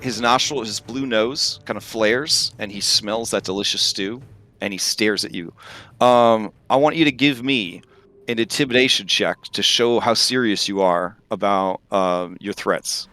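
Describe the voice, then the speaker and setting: A man narrating a tabletop game as game master, unhurried and full of fillers. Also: lowish voice, soft background music. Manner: lively, unhurried, many fillers.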